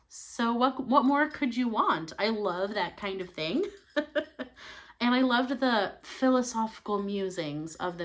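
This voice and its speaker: A young woman talks through her recent reads in a relaxed, chatty way. She hesitates with plenty of ums and laughs lightly between thoughts. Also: mid-range voice. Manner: chatty, many fillers and laughs. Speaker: book channel host. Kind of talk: casual book review chat.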